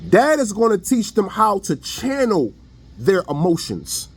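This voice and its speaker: Blunt preachy guy ranting online, pretty high voice for a dude, slangy. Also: sing-song, measured pace, husky. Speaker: online commentator. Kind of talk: casual opinion monologue.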